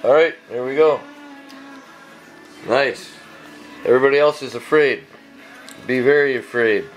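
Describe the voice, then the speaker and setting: A man's voice: medium pitch, unhurried, faint music behind, poor audio. A man hosting a casual home cooking vlog, joking and coaxing others to taste the food. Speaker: home cook vlogger. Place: home kitchen.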